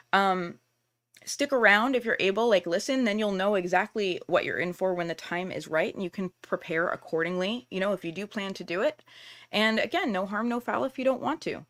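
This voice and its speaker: Middle-aged woman, somewhat low voice, candid and reassuring, chatty live stream host, webcam mic. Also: a bit bright. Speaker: tarot reader and workshop host. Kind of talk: live stream chat with viewers.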